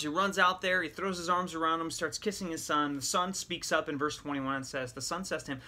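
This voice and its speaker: A middle-aged man gives a sermon teaching with a bright, forceful edge to his voice. He retells a scripture story in lively paraphrase, acting out what the characters say, in a somewhat high register. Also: fairly quick, few pauses. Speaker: men's ministry teacher.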